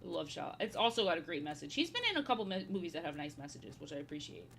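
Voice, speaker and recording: Bright-voiced woman rambling on stream. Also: low-pitched, sing-song, rapid-fire, gravelly, slight background noise. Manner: rambling, repeats her own phrases; playful, slips into silly voices. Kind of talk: casual chat while painting.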